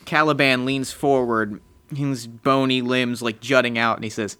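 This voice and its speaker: A man's voice: mid-range voice, steady tone, measured pace, bright, forceful tone, clean tone. A man narrating and explaining rules in a tabletop game in a matter-of-fact way. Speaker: player.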